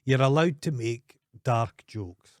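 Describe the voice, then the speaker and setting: A man's voice: medium pitch, slow pace, no room sound, studio quality. Ranting, sweary man. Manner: ranting, sweary, stumbling restarts. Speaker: podcast co-host. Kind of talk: casual podcast chat.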